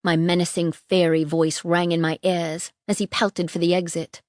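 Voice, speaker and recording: A woman's voice: on the low side, flat delivery, moderate pace, a little mellow, no echo. Woman narrating a fantasy audiobook, dry sound. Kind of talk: first-person audiobook narration.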